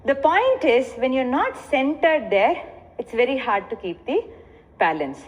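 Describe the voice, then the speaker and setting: An Indian-accented woman teaches dance, her voice fairly high and lively as she moves between explanation and rhythmic chanted syllables. The sound is muffled and lo-fi, with a long echo as if from a hall. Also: measured pace. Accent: Indian English.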